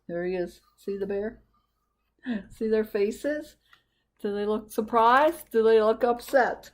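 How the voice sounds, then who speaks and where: Slow-paced woman reading a storybook. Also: a little high. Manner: gentle, asks children questions. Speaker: children's librarian. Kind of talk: storytime read-aloud to children.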